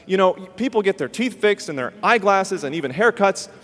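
Animated man telling a story in a reverberant hall. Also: high voice, a little fast. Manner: animated storyteller acting out quotes. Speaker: host. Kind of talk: storytelling in a ministry talk.

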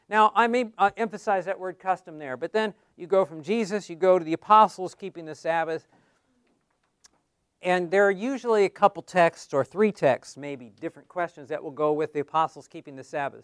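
A man's voice: fairly high pitch, smooth, no room sound, studio quality. A man teaching a class on how to give Bible studies, in a conversational way that keeps asking the class questions.

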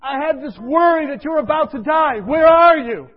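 A man's voice: extremely high pitch, moderate pace, voice pushed up. A man voicing a weeping older mother pleading urgently on the phone, in a dull lo-fi radio recording. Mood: frantic pleading.

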